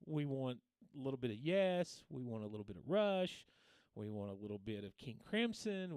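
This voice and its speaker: A man's voice: medium pitch, darkish tone, clear, resonant tone, no room sound. A man hosting a casual guitar livestream, telling long rambling stories with many restarts and reading out viewer names. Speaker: guitar teacher and livestream host.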